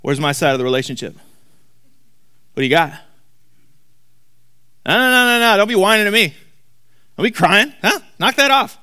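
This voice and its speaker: A selfish parent barks short, impatient demands at a child, as a preacher puts him on. The voice is gruff and drops low, then jumps back up in lively swings. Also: male voice, moderate pace, long pauses. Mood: scolding.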